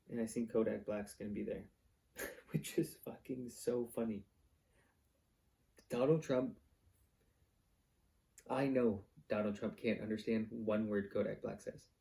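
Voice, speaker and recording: Profane rambling man, dark flat voice. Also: fairly low pitch, measured pace, vocal fry, pauses often. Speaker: vlog host. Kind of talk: casual ranting monologue.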